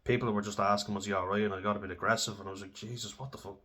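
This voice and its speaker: A man's voice: on the low side, level tone, rapid-fire, sharp tone. A young Irish man telling candid, sweary stories about his own drinking, casual and self-deprecating. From Ireland. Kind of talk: candid personal storytelling.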